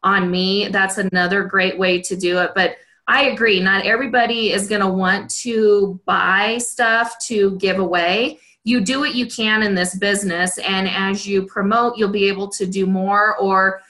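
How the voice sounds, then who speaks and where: A woman on a casual team call giving earnest, steady advice. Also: mid-range voice, moderate pace, poor audio. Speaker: team member sharing tips.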